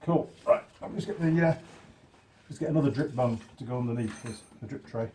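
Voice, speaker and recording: A man's voice: medium pitch, a little fast, warm tone, a little hiss or hum. A middle-aged man hosting a workshop repair tutorial, chatting casually and wandering off on stories as he works. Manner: chatty, digressing, self-deprecating. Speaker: mechanic host. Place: home workshop.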